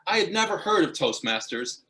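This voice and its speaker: A man's voice: a little high, fairly quick. A man performs a humorous speech about a teenage crush, timing his punchlines. His voice swings widely up and down as he plays up each moment. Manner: animated, punchline-driven storytelling. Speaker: guest speaker.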